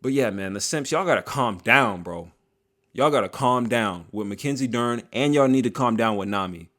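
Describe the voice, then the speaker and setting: A man giving a casual, joking commentary monologue, full of slang and drawn-out asides, as a video creator. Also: medium pitch, expressive, fairly bright tone.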